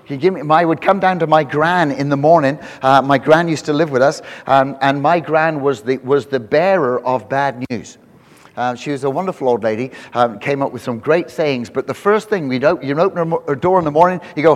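A man preaching a sermon to a congregation, telling animated stories with frequent restarts. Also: mid-range voice, fairly quick. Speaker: pastor. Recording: long hall reverb.

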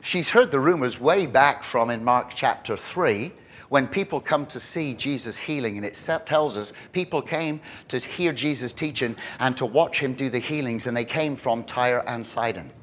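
A man preaching a sermon, animated and emphatic, with frequent restarts. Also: medium pitch, normal speed. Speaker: pastor.

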